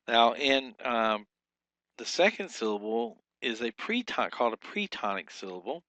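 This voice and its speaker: A man teaching a recorded lesson, explaining patiently with fillers and slowly drawn-out example sounds. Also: mid-range voice, a bit bright, no echo.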